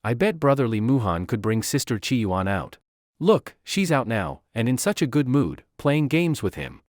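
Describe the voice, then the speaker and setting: A man's voice: mid-range voice, very animated, normal speed, dry recording, clean studio sound, lightly acted. A man voicing a cheeky young girl who gloats in a smug, teasing way. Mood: gloating.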